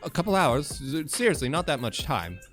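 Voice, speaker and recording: A man voicing an easygoing male dwarf merchant in a tabletop game, with a slow, unhurried drawl. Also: a little high, very animated, a bit bright, faint music behind.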